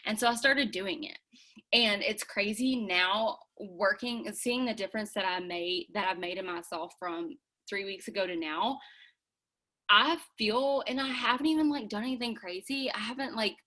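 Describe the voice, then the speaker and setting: A woman's voice: mid-range voice, moderate pace, pushed and bright. A young woman leading a team call from home, casual and chatty with lots of filler words, earnest and encouraging. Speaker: team leader.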